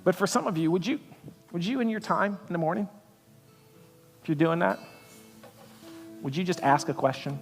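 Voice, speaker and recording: A man preaching a sermon as pastor in a church, talking conversationally and building to loud intensity. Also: high voice, moderate pace, pauses often, big-room sound, soft background music. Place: church auditorium.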